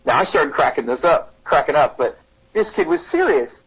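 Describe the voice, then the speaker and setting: Male guest speaker, thirties, lively storyteller who acts out quotes, husky tone. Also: moderate pace, rough recording. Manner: animated, pitches up to act out quotes. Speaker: guest speaker on parenting and resilience. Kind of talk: conversational podcast storytelling.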